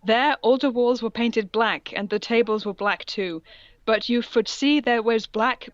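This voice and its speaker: A woman's voice: fairly high pitch, measured pace, no room sound, dull audio. A woman co-hosting a podcast, reading a story aloud for laughs and breaking off to joke and giggle. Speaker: podcast co-host. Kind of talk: comic reading and reaction chat.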